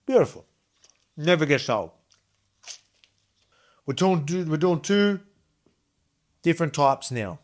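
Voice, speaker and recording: An Australian man in his thirties talks his way through a casual kitchen demo, rambling and enthusiastic as he goes. His voice sits a little on the high side for a man. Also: expressive, slow, pauses often. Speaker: cooking video host.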